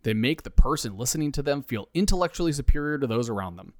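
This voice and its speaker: A man narrating a comedy audio story with a dry, wry touch. His pitch moves a lot, and the recording is close and dry. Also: animated, fast, a little mellow, no echo.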